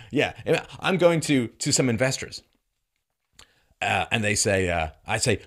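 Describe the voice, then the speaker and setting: A male commentary host giving an emphatic, sarcastic monologue full of rhetorical questions and chuckles, dropping from loud mocking peaks to low, grave tones. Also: very animated, slow pace. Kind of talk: commentary monologue reacting to a news segment.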